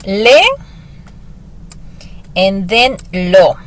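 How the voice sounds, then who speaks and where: In a one-on-one lesson, a Spanish teacher patiently and upbeatly walks a student through grammar, explaining step by step with encouragement. Her voice is medium-pitched and very slow, with slight background noise.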